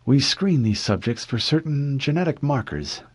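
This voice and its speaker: Brief: man reading a detached woman scientist, measured and firm, slightly raised pitch. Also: expressive, husky. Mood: clinical. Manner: measured, clinical, quietly firm. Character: cool, guarded female scientist, middle-aged.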